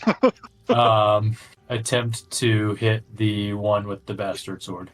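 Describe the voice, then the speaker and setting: Player, man, lowish voice, halting and apologetic. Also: fairly even intonation, rough recording. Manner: hesitant, with fillers and apologies. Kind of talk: casual chat at a game table.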